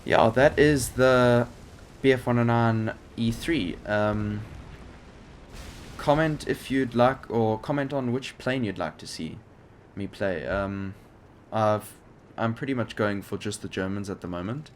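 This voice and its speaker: A young gaming channel host speaks unhurriedly in a medium-pitched voice over his flight game footage. His commentary rambles and hesitates, laden with fillers. Game noise can be heard behind him.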